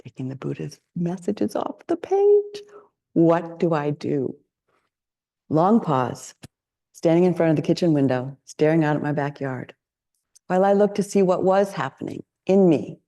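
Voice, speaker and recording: Mellow-voiced woman giving a dharma talk. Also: fairly low pitch, very animated, measured pace. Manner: reflective, candid, asks many questions. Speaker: meditation teacher.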